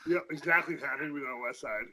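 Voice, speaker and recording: Fast, bright-voiced man. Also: on the high side, a little hiss or hum, poor audio. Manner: fast, profane, repeats himself in restarts. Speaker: podcast guest, former powerlifter. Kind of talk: casual chat.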